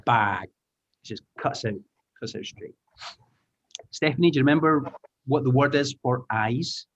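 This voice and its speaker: A man leads an online class with lively encouragement and patient explanations. His voice has an ordinary middle pitch and comes over a slightly muffled call line. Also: a little slow, breathy edge. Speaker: teacher trainer. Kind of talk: online language lesson. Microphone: video call.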